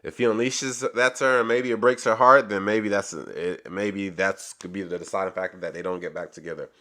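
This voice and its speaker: A man's voice: low voice, fairly even intonation, brisk, pushed and bright. A man casually recapping a reality dating show, rambling with lots of fillers. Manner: rambling, many fillers like "basically" and "or whatever".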